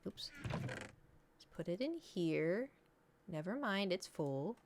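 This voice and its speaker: Chatty woman streamer, lowish voice. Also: big pitch swings, takes it slowly, noisy background. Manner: rambling, chatty, talks to chat and pet. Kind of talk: casual gaming stream chat.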